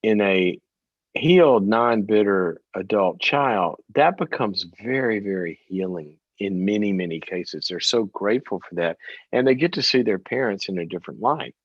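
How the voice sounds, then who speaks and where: A man's voice: fairly low pitch, normal speed, no echo, highs cut off. A man hosting a call-in advice show, talking emphatically and repeating words for stress. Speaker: host.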